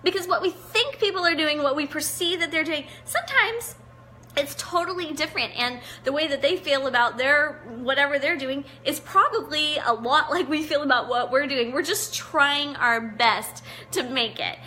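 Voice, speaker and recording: Middle-aged woman chatting live w viewers, encouraging, high bright voice. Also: moderate pace, a little hiss or hum. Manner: warm encouraging, chatty, greets viewers by name. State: teary-eyed. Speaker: online show host. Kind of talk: live devotional chat reading viewer comments.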